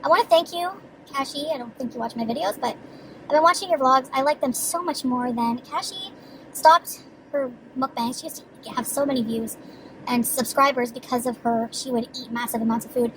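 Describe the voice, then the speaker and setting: A woman's voice: sits high, a little fast, a bit bright, a little hiss or hum, rough recording. A woman vlogging in a casual, rambling way, chatty and giggly, swearing freely as she talks. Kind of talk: casual rambling vlog chat.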